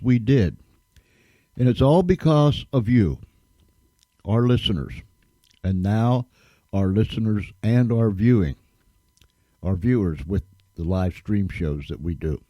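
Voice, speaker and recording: A man's voice: lowish voice, warm tone, no echo. A man hosting a radio show, thanking listeners in a folksy, emphatic way and repeating himself for stress. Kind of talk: casual radio talk.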